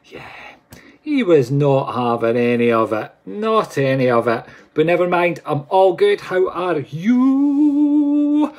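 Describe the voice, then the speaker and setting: A man's voice: medium pitch, lively intonation, unhurried, dull audio. A Scottish man hosting a live stream as a psychic medium, chatting casually and playfully while greeting viewers by name.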